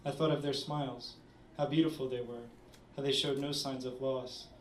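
A man reading his own short story aloud at a literary event, measured with small stumbles. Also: medium pitch, flat delivery, a little hiss or hum. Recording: roomy, distant audience recording.

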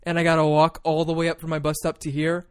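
A young man co-hosting a casual podcast, joking, swearing and often laughing. His voice sits a little high for a man. The sound is close and dry, with no room echo. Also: completely flat delivery, quick pace, smooth. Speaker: podcast co-host. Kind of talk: casual banter. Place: small room at home. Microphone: desk podcast mic.

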